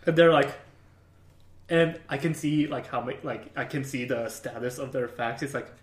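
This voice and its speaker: A man's voice: medium pitch, fairly even intonation, normal speed, far from the mic. A man who works IT help desk tells work stories casually, swearing and laughing. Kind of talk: casual chat. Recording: echoey room, off-mic.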